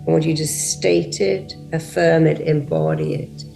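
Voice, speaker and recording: A woman's voice: sits low, big pitch swings, measured pace, gravelly, few pauses, mellow, faint music behind. A woman hypnotherapist giving a motivational talk and guided self-hypnosis, with a direct, repetitive coaching delivery.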